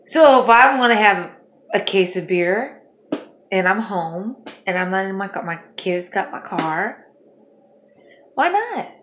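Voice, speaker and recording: Middle-aged woman vlogging at home, up all night and tired, rambling, profane, quick to laugh. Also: medium pitch, sing-song, fairly bright tone, slight background noise. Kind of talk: casual rambling vlog.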